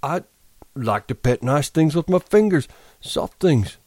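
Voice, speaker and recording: A man voicing a slow, simple-minded giant farmhand, childlike and pleading, in a dry, close recording. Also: a little high, expressive, darkish tone, dry recording, pitched above the performer's own voice. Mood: earnest.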